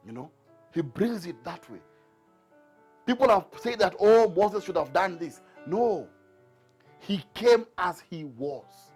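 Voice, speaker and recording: A man's voice: fairly high pitch, expressive, measured pace, long pauses, darkish tone, breathy edge, soft background music. A man preaching a sermon to a Bible class, driving his points home with repeated rhetorical questions. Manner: emphatic, repetitive rhetorical questions.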